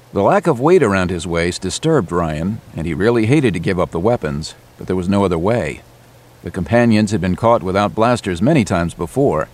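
A man reading an adventure audiobook in a steady, measured way. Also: sits low. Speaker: narrator. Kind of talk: audiobook narration.

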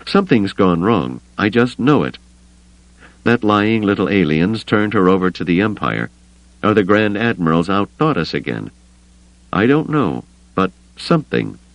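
A stubborn, worried smuggler pilot, as the male narrator puts him on, blunt and brooding. The voice is deep with a lively, swinging delivery and a dry, close studio sound. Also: unhurried, dry recording, full character voice, rough recording.

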